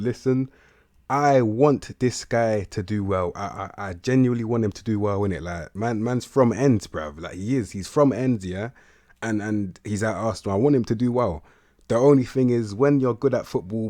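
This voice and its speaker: A man's voice: on the low side, warm tone, dry recording, clean studio sound. An eighteen-year-old man, giving casual, rambling video-game commentary, full of slang and restarts. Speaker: gaming commentator.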